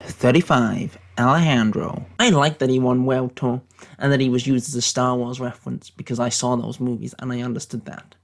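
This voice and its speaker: Deadpan man in a fake American accent. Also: mid-range voice, normal speed, gravelly. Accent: put-on American accent. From Britain. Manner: deadpan, mock-serious, rambling tangents. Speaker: YouTube commentator. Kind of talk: satirical tier-list commentary.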